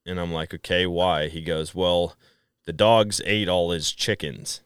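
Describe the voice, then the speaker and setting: A middle-aged man from Wisconsin, a podcast guest who tells stories in a casual, animated way and acts out quoted dialogue. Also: sits low, unhurried, smooth, dry recording, clean studio sound. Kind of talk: casual storytelling chat.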